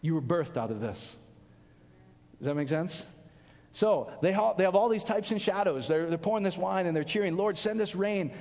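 High-voiced man preaching in a reverberant hall. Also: moderate pace. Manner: animated, conversational, jokes and asides. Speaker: pastor. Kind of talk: casual sermon to a small group.

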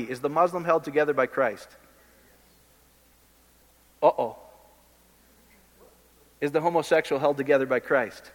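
A man's voice: fairly high pitch, normal speed, long pauses. Impassioned preacher man in a reverberant hall. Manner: impassioned, conversational, blunt. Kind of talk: informal sermon.

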